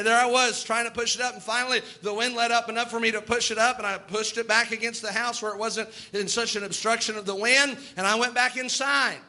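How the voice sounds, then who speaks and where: A man's voice: high voice, pushed and bright. A man preaching a sermon, emphatic and repetitive, acting out the doubts of his listeners. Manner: emphatic, repeats words, acts out quoted doubters.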